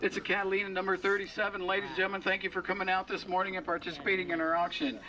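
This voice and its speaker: A man auctioneering boats outdoors, chanting bids and bantering with the bidders. His voice sits high for a man and comes from some way off the mic. The sound is dull and muffled, with a crowd chattering around him. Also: flat delivery, far from the mic. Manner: rapid bid chant with playful crowd banter. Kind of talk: boat auction calling. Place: outdoor boat auction at a harbor.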